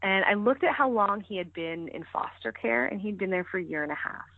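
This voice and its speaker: A woman's voice: mid-range voice, expressive, brisk, creaky, dry recording. A woman chatting as a podcast guest, talking freely with lots of fillers and restarts. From Canada. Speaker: podcast guest, ski coach. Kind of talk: casual interview chat. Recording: tinny phone-like line, dry.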